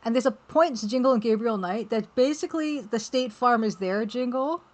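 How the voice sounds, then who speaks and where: A woman chatting casually on a live art stream while working, reading viewer messages aloud and reacting with excited exclamations. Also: on the high side, normal speed. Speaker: game developer streaming while drawing.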